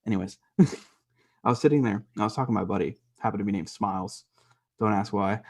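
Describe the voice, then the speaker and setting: Speaking at a fairly low pitch with a darkish tone and a slightly fast pace, a young man co-hosts a laid-back podcast. He grew up half Mexican in the US and tells meandering stories full of laughter and curse words.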